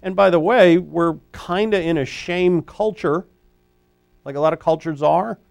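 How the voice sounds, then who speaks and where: A man with a somewhat high voice preaches an expository sermon, talking to his congregation in a loose, conversational way and restarting sentences as he goes. The sound is dry and close, with little room around him. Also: unhurried, creaky, dry recording. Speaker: pastor; former high school teacher.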